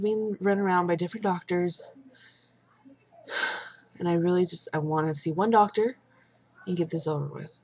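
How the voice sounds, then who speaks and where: A young woman vlogging a casual video update, exhausted and frustrated, rambling with many pauses and fillers. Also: lowish voice, a little mellow, slightly rough, dry recording.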